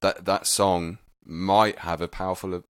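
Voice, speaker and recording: A man with a low voice speaks earnestly and thoughtfully as a podcast guest, with the odd hesitant "um". The sound is dry and close. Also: flat delivery, unhurried, clear, resonant tone, dry recording. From United Kingdom. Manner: earnest, reflective, some hesitant fillers. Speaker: guest musician. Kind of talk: casual interview chat.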